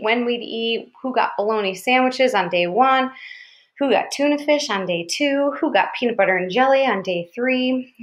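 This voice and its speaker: A woman reading a novel aloud as first-person narration, in an even, steady manner. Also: fairly high pitch. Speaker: audiobook reader.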